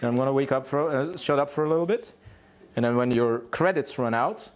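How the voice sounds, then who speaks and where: A spoiled three-year-old who sets all the rules at home. A man acts it out, staying close to his own voice, talking fast and whiny in a bossy tone. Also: medium pitch, natural voice. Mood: bratty. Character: bratty demanding three-year-old child.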